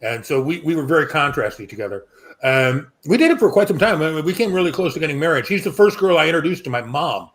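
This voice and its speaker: Middle-aged guy on a discussion panel, kinda high voice, swears a lot, animated storyteller. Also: fast talker. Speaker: panel guest.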